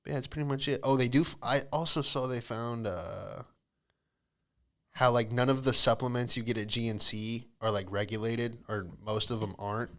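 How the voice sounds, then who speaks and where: A man's voice: mid-range voice, steady tone, normal speed, a bit bright. A man hosting a podcast, telling loose comedic stories with frequent swearing and self-interruptions. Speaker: podcast host. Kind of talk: rambling comedic storytelling.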